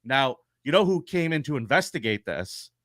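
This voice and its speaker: A man co-hosting a podcast, telling a true-crime story in an animated, profane way. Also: mid-range voice, normal speed, no room sound, clean studio sound. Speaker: podcast co-host.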